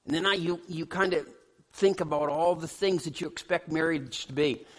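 A middle-aged male pastor preaching a sermon in a church, animated and joking with the congregation, now and then hollering out. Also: a little high, normal speed. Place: church sanctuary. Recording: long hall reverb.

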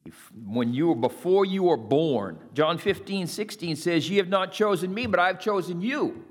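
A man with a somewhat high voice preaches a sermon. He reads scripture with rising emphasis and invites listeners to repeat key phrases after him. His voice carries a long reverb, as if filling a large hall. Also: expressive, normal speed. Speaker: pastor.

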